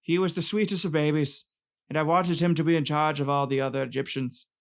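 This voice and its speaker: A man voicing a petulant, indignant Ottoman man in a mock-outraged, whiny high tone. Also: fairly even intonation, a little fast, natural voice.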